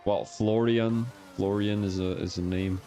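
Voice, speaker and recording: A man with a Belgian accent gives loose live-stream commentary on a racing league. His voice sits low, and he rambles from joke to self-mocking joke. Faint music plays quietly behind him. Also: fairly even intonation, unhurried.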